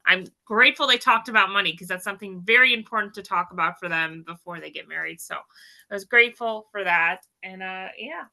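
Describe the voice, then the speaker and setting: A woman's voice: mid-range voice, fairly quick, vocal fry, sharp tone, low-quality recording. A woman co-hosting a casual chat podcast, candid and chatty, laughing easily. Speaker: podcast co-host.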